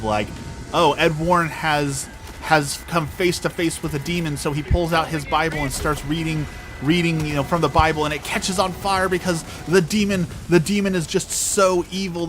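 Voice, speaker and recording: A man with a voice on the high side streams live against a noisy background. He rants casually to his audience with sarcastic, mocking exasperation.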